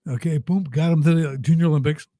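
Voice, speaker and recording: Male podcast guest, 50s, mellow, slightly high voice, punchy storyteller who wells up, dry close sound. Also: fast, no room sound. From United States. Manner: lively, emphatic storyteller who gets choked up. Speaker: podcast guest, business coach. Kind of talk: casual storytelling in an interview.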